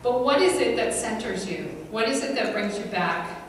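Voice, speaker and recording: A woman's voice: fairly high pitch, expressive, normal speed, background noise. A middle-aged woman giving a comedic scripture lesson, telling stories in a chatty, self-deprecating way. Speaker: speaker at a women's church gathering. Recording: echoey hall recorded from far off.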